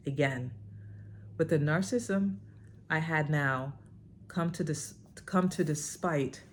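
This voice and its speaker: Woman vlogger, deep voice, dramatic book reading, emphatic asides, faint hiss. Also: takes it slowly. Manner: emphatic, with sudden high outbursts.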